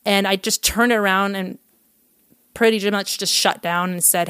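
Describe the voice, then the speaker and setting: Woman telling a story with animated quotes. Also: mid-range voice, measured pace, clean tone, dry recording. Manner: lively, acts out quoted dialogue with laughs. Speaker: guest telling her adoption story. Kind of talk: casual storytelling.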